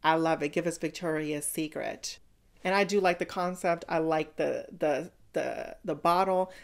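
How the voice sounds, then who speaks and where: Woman, lower voice, sassy reaction commentary, blunt critiques, calls people honey and baby. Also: steady tone, normal speed. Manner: sassy, talks straight to the contestants with "honey" and "baby". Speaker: reaction channel host.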